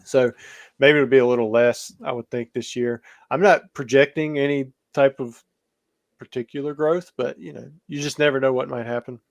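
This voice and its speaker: A man's voice: medium pitch, fairly even intonation, normal speed, gravelly, dull audio. Rambling man talking shop as a guest. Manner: rambling, hedging with many fillers. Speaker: podcast guest, card seller. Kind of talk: podcast interview.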